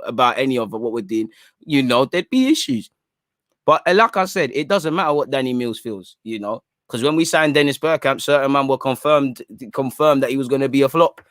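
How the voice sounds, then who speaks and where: A young man hosting a livestream, talking in animated, slangy casual banter. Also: mid-range voice, no echo, clean studio sound. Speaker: fan channel livestream host.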